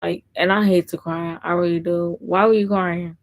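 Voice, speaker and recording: Low, gravelly woman chatting on a live stream. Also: fairly even intonation, normal speed, poor audio. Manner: chatty, reads and answers viewer comments. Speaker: livestream host. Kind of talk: casual livestream chat.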